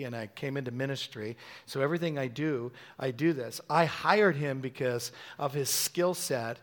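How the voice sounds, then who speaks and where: A middle-aged man preaching a sermon, telling a story with animated quoted voices. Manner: animated storytelling, acting out quotes with sudden high-pitched bursts.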